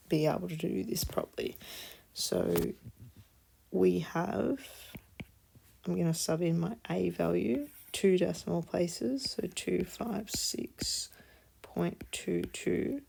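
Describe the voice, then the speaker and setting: Her voice sits on the low side, mellow with vocal fry, over slight background noise. She's a tired, yawning woman walking through a maths example slowly and patiently, murmuring quietly when she reads numbers.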